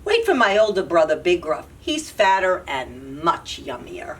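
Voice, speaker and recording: A woman's voice: lowish voice, very animated, measured pace, fairly bright tone, distant mic, pitched below the performer's own voice. A woman doing a cheeky middle billy goat. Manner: cheeky, snickering.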